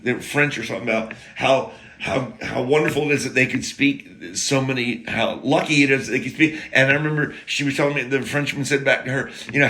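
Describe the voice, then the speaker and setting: A man's voice: medium pitch, bright, forceful tone. An American man telling a rambling, profane story in a casual monologue, full of jokey asides and broken-off sentences. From United States.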